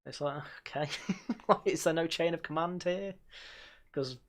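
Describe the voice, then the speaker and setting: A man's voice: on the high side, unhurried. Sarcastic man hosting a review stream. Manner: sarcastic, frequent fillers and sighs, mocks by quoting. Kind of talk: casual sardonic review chat.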